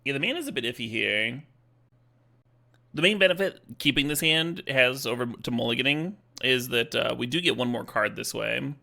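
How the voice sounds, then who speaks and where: Guy streaming cards, gravelly, super bright tone, swears and laughs a lot. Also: medium pitch, lively intonation, normal speed. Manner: swears casually, laughs often, thinks aloud. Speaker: streamer playing a card game. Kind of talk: casual live-stream commentary.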